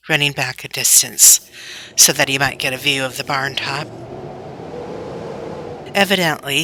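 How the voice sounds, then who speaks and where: A woman reads a classic children's story aloud with a steady, even delivery. Her voice sits low but carries a bright, crisp edge. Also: rough recording. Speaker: audiobook narrator.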